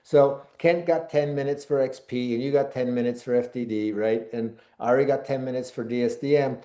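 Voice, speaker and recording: A man hosts a casual panel conversation in an animated way, his pitch leaping up and dropping low. His voice is mellow and soft-edged. The room around him gives it a roomy echo. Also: normal speed. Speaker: host.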